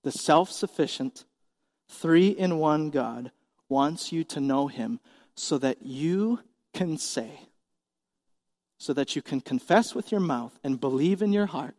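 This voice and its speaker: A man's voice: a little high, expressive, slow pace, a little mellow, in a large hall. A man in his forties preaching a sermon as pastor, earnest and emphatic, asking the congregation questions. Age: 40s.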